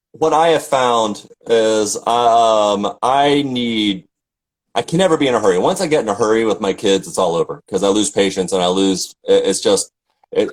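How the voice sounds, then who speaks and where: Telling stories in casual chat, this middle-aged Tennessee man, an opera singer from the USA, leans on lots of fillers and restarts. The voice sits fairly low, and the recording quality is rough.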